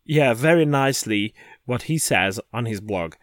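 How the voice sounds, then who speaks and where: Male podcast co-host, mid pitch, keen and talky, repeats words as he starts sentences. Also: animated, moderate pace, fairly bright tone, dry recording. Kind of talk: casual podcast chat.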